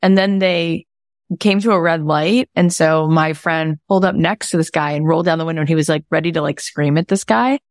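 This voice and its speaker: A woman hosting an interview show, chatting casually and reacting with excitement. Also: sits low, brisk, dry recording, clean studio sound. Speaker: host. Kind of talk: casual chat.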